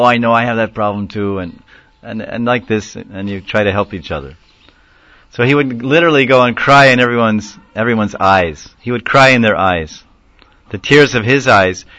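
A man's voice: medium pitch, bright, forceful tone, dry recording, muffled recording. A man giving a devotional class lecture, telling stories animatedly, acting out quotes and chuckling often. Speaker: spiritual lecturer.

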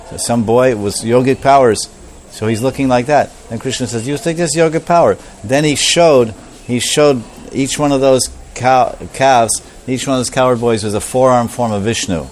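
A man preaching a storytelling sermon, animated and repetitive, acting out the voices of the characters. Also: medium pitch, a little hiss or hum.

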